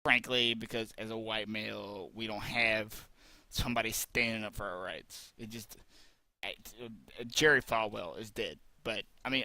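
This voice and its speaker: A man delivering a rambling, profane video rant full of sarcasm. His voice is bright and forceful. The sound is dry and close. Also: on the low side, gravelly, no room sound, poor audio. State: hiccuping. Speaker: video commentator. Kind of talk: ranting commentary monologue.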